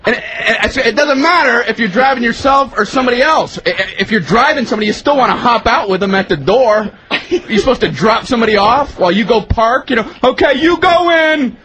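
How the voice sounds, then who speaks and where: A man telling a comic story as a radio guest, often jumping into loud, high-pitched put-on voices. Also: lively intonation, fast, noisy background. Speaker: comedian guest. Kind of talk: storytelling comedy bit.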